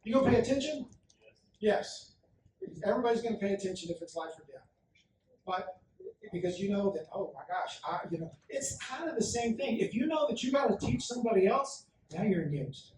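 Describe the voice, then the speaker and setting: Guy giving a keynote, kinda high voice, acts out the quotes, big echoey hall, mic a bit far off. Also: brisk, slight background noise. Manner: animated storyteller, acts out quotes. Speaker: conference speaker. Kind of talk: motivational keynote talk.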